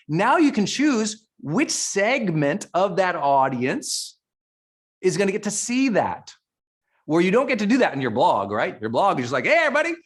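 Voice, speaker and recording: A middle-aged man speaking as a summit presenter at a live online session, fired up and energetic, repeating phrases for emphasis. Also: sits high. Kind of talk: live webinar teaching.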